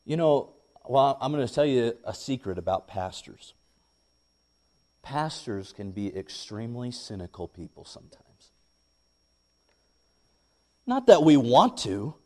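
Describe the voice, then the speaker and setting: A young man, a pastor, preaching a sermon and telling a lively personal story. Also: medium pitch. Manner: animated storytelling, rising when excited.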